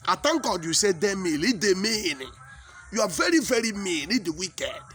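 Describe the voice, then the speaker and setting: A high-pitched Nigerian man tells a comic story in pidgin English, his Igbo roots showing through. He talks in an animated, exclaiming way and often repeats himself. Soft music plays faintly behind him. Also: moderate pace.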